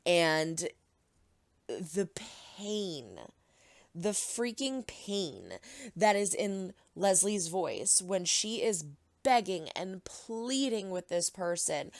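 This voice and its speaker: A woman's voice: on the low side, big pitch swings, very slow, dry recording. A woman hosting a reaction video, giving earnest, emotional commentary in a casual way.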